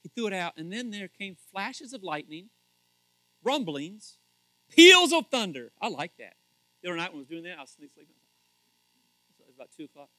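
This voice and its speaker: A middle-aged man preaching with a high, bright voice that swings widely in pitch. He jokes with his listeners and bursts into loud shouts when he acts out quotes. His delivery is lively and expressive throughout. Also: fairly quick, pauses often, no echo, rough recording. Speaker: pastor. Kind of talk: sermon.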